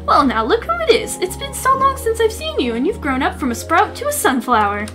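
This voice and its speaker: A woman's voice: very high-pitched, big pitch swings, fairly quick, music in the background. A woman voicing a kindly older man who runs a flower shop, speaking in a folksy way. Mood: fond.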